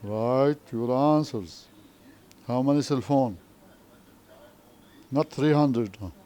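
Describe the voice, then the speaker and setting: A man with an Arabic accent teaching an English lesson, speaking slowly and checking understanding with repeated questions. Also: mid-range voice, dark tone. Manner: slow, repetitive, frequent questioning tags. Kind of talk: classroom lesson explanation.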